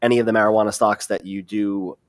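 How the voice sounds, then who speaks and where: A man co-hosting a podcast, giving a casual rundown of stock news in a steady, explanatory way. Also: fairly low pitch, fast, no room sound. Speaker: podcast co-host.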